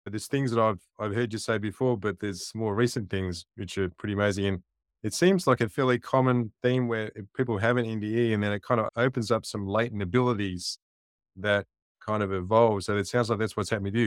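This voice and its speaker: A man hosting an interview, relaxed and appreciative, phrasing questions tentatively. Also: on the low side, dry recording, studio quality. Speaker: interview host. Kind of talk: casual interview chat.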